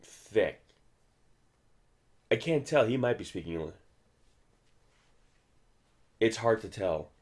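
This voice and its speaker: A young man talks over an old monster movie in a loose, rambling way, often restarting his sentences. His voice sits very low and deep. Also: animated, slow pace, pauses often. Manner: rambling, chatty, many restarts. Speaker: movie commentary co-host. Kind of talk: casual movie commentary.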